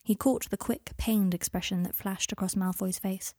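A woman narrating a story in a calm audiobook reading, with a breathy voice. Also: mid-range voice, normal speed, no echo, studio quality.

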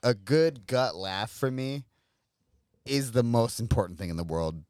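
A man's voice: medium pitch, measured pace, clean tone, no room sound. A man on a casual podcast, talking loosely, cursing often and calling people dude. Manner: animated, swearing a lot, saying dude. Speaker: podcast co-host.

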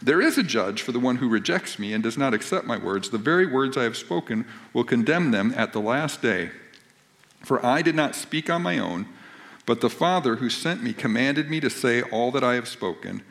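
A man's voice: mid-range voice, animated, moderate pace, a bit bright. A man who is a pastor, preaching a sermon and reading scripture aloud before explaining it in a conversational, emphatic way.

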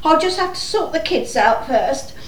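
A woman playing a frazzled, exasperated mother of many children in a panto, chatty and slow. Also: sits high, expressive. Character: frazzled harried mother in a shoe house. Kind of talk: amateur panto acting. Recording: echoey room.

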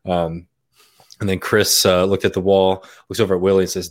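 A man with a low-pitched voice chats casually on a podcast. He tells a long, rambling story, leaning on "um" and "uh" and breaking into easy laughter. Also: level tone, brisk. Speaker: podcast guest. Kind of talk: casual chat.

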